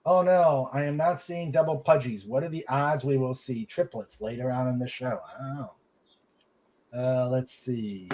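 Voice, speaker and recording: A man's voice: mid-range voice, moderate pace, a little mellow, a little hiss or hum. A man hosting a casual podcast, reading chat comments aloud and laughing often.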